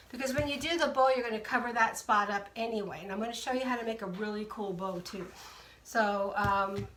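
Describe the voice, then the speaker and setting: Walking viewers through a craft project live, this woman keeps things casual and chatty, welcoming people by name as she demonstrates. Her slightly high, somewhat bright voice sounds reverberant, recorded from a distance.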